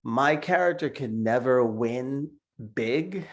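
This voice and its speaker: A middle-aged cartoonist appears as a guest in a casual video-call interview, speaking slowly at medium pitch. He tells stories, laughs frequently, and tends to repeat words.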